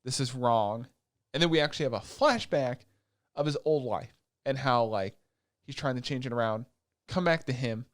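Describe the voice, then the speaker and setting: In a dry, studio-quality recording, an expressive man with a medium-pitched voice talks at a normal speed. As a podcast co-host, he casually recaps an anime, cursing often and acting out what the characters say.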